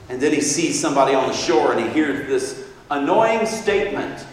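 Fervent preacher in an echoing church. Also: male voice, medium pitch, lively intonation, normal speed, slight background noise. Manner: fervent, exclaiming. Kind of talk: sermon. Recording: echoey hall from far off.

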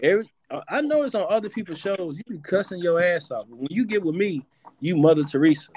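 A man's voice: high-pitched, expressive, fast, darkish tone, a little hiss or hum. Profane, teasing man hosting a live chat. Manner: loose, profane, teasing banter. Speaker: podcast host. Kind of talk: casual live audio-room chat.

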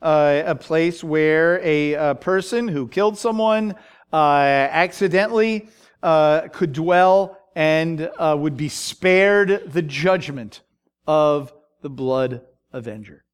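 A man teaching a Bible study, talking in a halting way with many fillers and frequent "okay?" check-ins. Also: on the high side, smooth.

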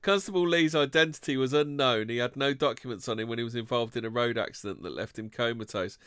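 A man's voice: medium pitch, fast, a bit bright, smooth, dry recording. A man co-hosting a casual chat, reading odd news items aloud with dry asides. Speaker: co-host.

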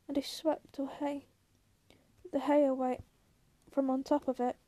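A woman narrating a novel chapter in a plain, steady audiobook reading. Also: high-pitched, moderate pace.

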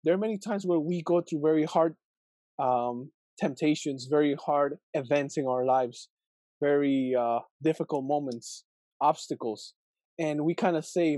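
Young male host, casual scripture musing, slightly high mellow voice, dry close sound. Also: unhurried, no echo. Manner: thinking aloud, many fillers and rhetorical questions. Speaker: video host reflecting on scripture. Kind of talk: casual Bible reflection video.

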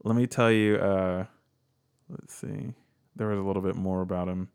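A man with a very low, deep voice hosts a loose, casual chat. He reads facts aloud and riffs on them with offhand jokes and easy swearing. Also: steady tone, moderate pace, vocal fry, darkish tone, clean tone. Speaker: podcast co-host.

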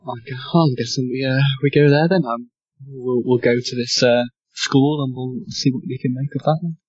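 A man voices his character in a tabletop role-playing game with a husky, mid-pitched voice. He talks politely and hesitantly, and the recording sounds dull and lo-fi. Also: steady tone, normal speed, darkish tone, no echo. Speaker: player.

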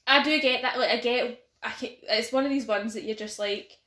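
A woman's voice: on the high side, fairly quick, bright, forceful tone. A Scottish woman chatting casually on a podcast, retelling a film plot with lots of fillers and hedges. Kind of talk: casual chat. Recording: echoey room.

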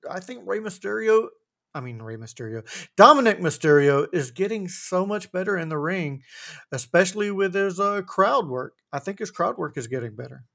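A man co-hosting a casual wrestling recap podcast, talking in a rambling, animated way with frequent restarts. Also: high-pitched, normal speed, creaky. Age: adult with a wife. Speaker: podcast co-host.

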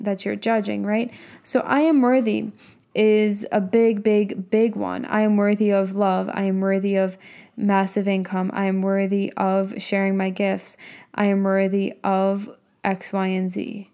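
A woman's voice: medium pitch, level tone, moderate pace, warm tone. A young adult woman, a business and mindset coach, giving a casual motivational talk full of emphatic rhetorical questions and the odd swear word.

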